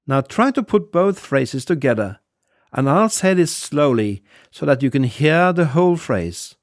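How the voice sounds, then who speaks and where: A man teaching a scripted audio language lesson, patiently repeating phrases slowly for learners. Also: fairly high pitch, very animated, no echo, studio quality.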